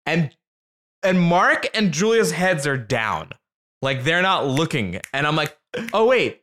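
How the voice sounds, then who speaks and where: A man hosting a casual chat, telling a comic story with lots of swearing and acting out his friends in high voices. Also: sing-song, slow pace, bright, forceful tone.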